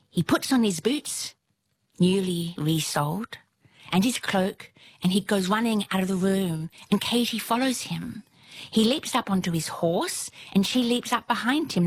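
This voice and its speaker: A storyteller with a lowish, creaky, slightly rough voice tells a folktale aloud. She delivers it dramatically, often sinking to a whisper to build suspense.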